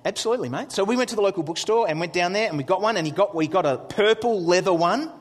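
A middle-aged man, a pastor telling funny stories in a sermon, animated and excitable with jokey asides. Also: sits high, fast, long reverb tail. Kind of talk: humorous storytelling sermon.

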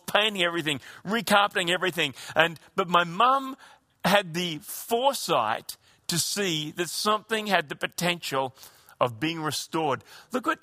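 A man's voice: a little high, sharp tone, no room sound, studio quality. A man preaching a sermon in an earnest, conversational way, often restarting his sentences. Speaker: pastor.

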